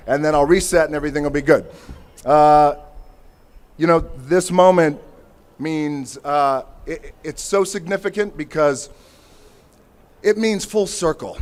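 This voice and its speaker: Man giving a playful ceremony speech. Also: a little high. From United States. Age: 40s. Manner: playful, self-mocking asides. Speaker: honoree giving an acceptance speech.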